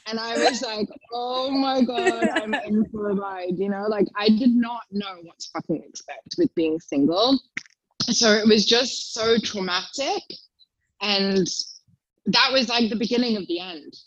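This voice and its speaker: A woman's voice: moderate pace, no room sound, poor audio. A young woman in casual chat as a guest, telling stories and acting out quotes in a raised voice. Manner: chatty storyteller, acts out quotes in a high voice.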